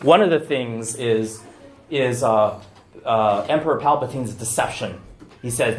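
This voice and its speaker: A man, a deacon, giving a lively public talk, loud and excitable with many fillers and restarts. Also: on the high side, normal speed. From United States. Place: restaurant event room. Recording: echoey room.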